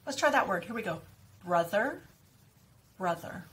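A woman teaching speech sounds, reading a picture book aloud and slowly repeating practice words with careful articulation. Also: medium pitch, lively intonation, a bit bright. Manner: slow, clearly stressed repetition of target words.

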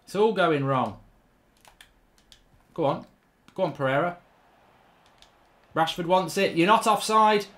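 A man hosting his channel commentates gameplay live, slow and expressive with frequent pauses. He rants in frustration, swearing a great deal, his voice shifting from low mutters to shouting.

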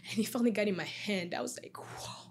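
A woman's voice: mid-range voice, rapid-fire, husky. Earnest young woman telling her story. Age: young adult. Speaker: alumna guest. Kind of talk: casual interview.

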